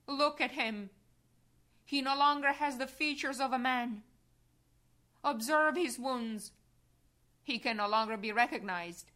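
A Roman governor, a man, proclaims to a crowd in a loud, deliberate voice, as a woman reads him aloud. He speaks high and slowly, drawing out each appeal. The effect is of a devotional reading rather than a full stage performance. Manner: loud, declaiming.

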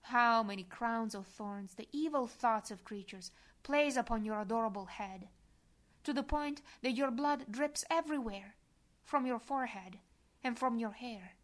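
A woman reads a devotional prayer aloud, her voice sitting a little high. She keeps it soft and reverent, at times sinking to a breathy whisper. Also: moderate pace. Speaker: devotional reader.

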